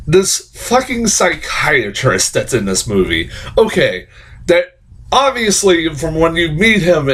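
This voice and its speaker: A man's voice: fairly high pitch, fairly bright tone. A man giving a casual movie review, swearing often, laughing and rambling with many restarts.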